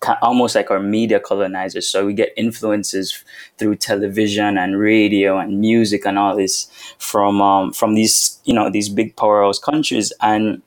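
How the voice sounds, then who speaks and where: A man's voice: lowish voice, little pitch movement, normal speed. A young man from Belize, a film student, chatting easily as a podcast guest. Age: young adult. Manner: easygoing, laughs along, uses fillers. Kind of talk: casual interview chat.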